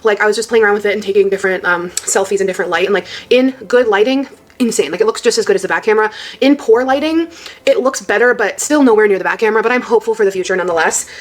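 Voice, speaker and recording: A woman vlogging casually on a phone while cooking, chatty and excitable with many fillers. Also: mid-range voice, rapid-fire. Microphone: phone camera.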